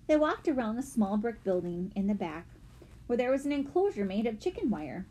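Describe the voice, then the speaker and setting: A woman narrating a children's mystery audiobook with expressive storytelling. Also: a little high, a little fast.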